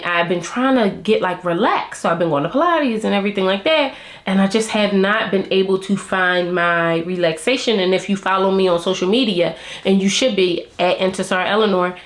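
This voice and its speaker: A woman vlogger reviewing a reality show, chatting to her viewers in a candid, slangy way and laughing often. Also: mid-range voice. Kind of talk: casual chat to camera. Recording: roomy echo.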